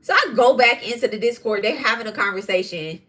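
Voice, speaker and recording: A woman hosting a spiritual podcast who tells stories in a casual, animated way, swearing freely. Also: fairly high pitch, brisk, a little hiss or hum. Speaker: podcast host and tarot reader. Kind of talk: casual storytelling monologue.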